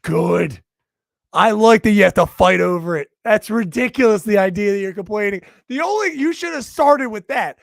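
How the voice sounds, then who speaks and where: Podcast co-host, male, high and gravelly voice, profane needling banter, dry close mic. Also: animated, normal speed, no echo. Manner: teasing, profane, mock-scolding.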